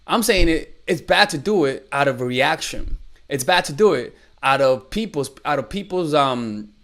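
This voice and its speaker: A man's voice: on the high side, moderate pace. A young man coaching women on dating, talking bluntly and with profanity, acting out bits of dialogue. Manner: blunt, profane, animated, acts out quoted dialogue. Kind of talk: direct-to-camera advice talk.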